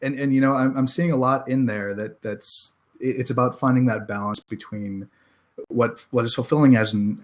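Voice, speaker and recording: An American man, a guest author on a podcast, talking casually with many restarts and wry laughs. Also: lowish voice. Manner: halting, many restarts and self-deprecating laughs.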